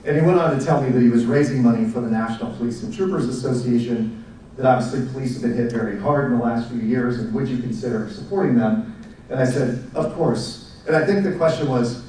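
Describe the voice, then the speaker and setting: A man, giving a speech to educators as a presenter in a relaxed storytelling manner with fillers. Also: mid-range voice, fairly quick, a little hiss or hum. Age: 40s. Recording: echoey room, mic at a distance.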